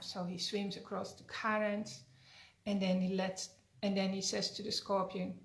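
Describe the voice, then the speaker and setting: In an echoey room, a woman healer gives a teaching talk with storytelling, folding a fable into her earnest, chatty explanation and often tacking on tag questions. Her voice is middle-pitched and creaky, with little pitch movement and a measured pace.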